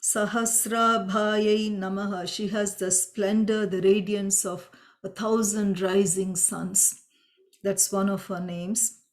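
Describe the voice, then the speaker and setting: A woman teaching a Sanskrit chant, patiently explaining meanings and pronunciation step by step and chanting the lines slowly. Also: medium pitch, little pitch movement, dark tone. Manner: chants mantras slowly and drawn out. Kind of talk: slow spoken lesson with chanting.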